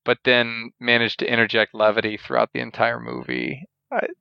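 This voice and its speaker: A man's voice: mid-range voice, big pitch swings, moderate pace, creaky, clear, resonant tone, no room sound. A man hosting a casual conversation, talking with enthusiasm and chuckles. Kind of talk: casual conversation about a war film. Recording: slightly dull, dry sound.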